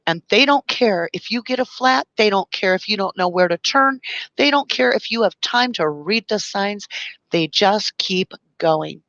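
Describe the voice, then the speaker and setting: A woman's voice: mid-range voice, animated, measured pace, fairly bright tone, dry recording, highs cut off. A woman hosting a live stream, speaking with passion and emotion, reading viewer comments and explaining through long analogies. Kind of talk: impassioned live-stream talk.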